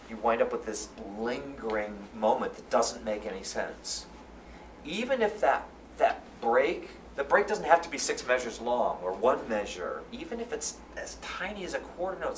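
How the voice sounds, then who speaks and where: A man giving a live lecture at a conference, energetic and repeating phrases for emphasis. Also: medium pitch. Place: conference hall. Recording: roomy, from far off, faint room noise.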